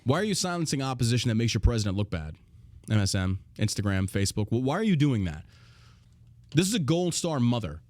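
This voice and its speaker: A man's voice: medium pitch, very animated, fast, darkish tone, no room sound. A man hosting a show, ranting bluntly and profanely in a casual, heated way. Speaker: show host. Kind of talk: casual political rant.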